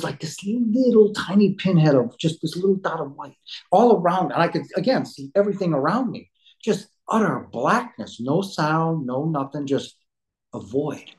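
A man's voice: a little high, darkish tone, poor audio. A man speaks as a podcast guest, telling a personal story in an emphatic, outspoken way. He rambles, restarts his sentences and drops blunt words for emphasis. His delivery is loose and conversational. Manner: rambling with many restarts and fillers.

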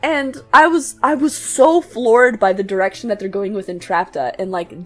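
A woman co-hosting a podcast in casual discussion, chatty and quick to laugh. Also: medium pitch, a bit bright, soft background music. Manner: chatty, laughs often, lots of "like" fillers. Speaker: podcast co-host.

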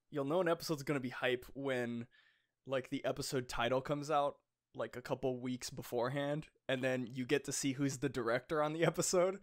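A young man co-hosting a podcast, chatting eagerly and laughing often, with lots of fillers. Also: medium pitch. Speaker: podcast co-host. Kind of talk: casual chat.

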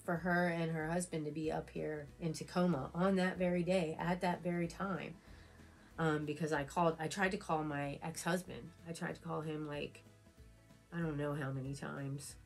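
This beauty vlogger has a low voice with vocal fry and fairly even intonation, speaking at a normal speed over faint background music. While getting ready on camera, she casually tells an emotional personal story, full of fillers and repeated phrases.

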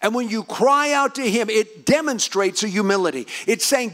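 Fervent high-voiced male preacher. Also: expressive, normal speed, hardly any pauses. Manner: rising to fervent, near-shouted emphasis. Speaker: pastor. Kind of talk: sermon.

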